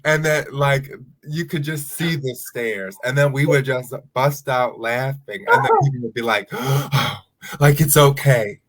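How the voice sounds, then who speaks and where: A young man chatting on a podcast, his voice in a middle register. He tells lively stories with quick asides and laughs often. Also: mid-range voice. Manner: animated storyteller, laughs often. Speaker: podcast co-host. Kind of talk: casual chat.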